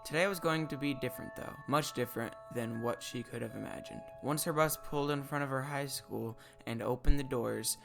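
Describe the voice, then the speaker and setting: A man reading his own short story aloud in a steady storybook narration. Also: medium pitch. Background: faint music.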